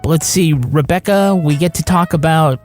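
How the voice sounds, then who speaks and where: A man's voice: on the high side, normal speed, soft background music. Joking, swearing podcast host man. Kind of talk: casual chat.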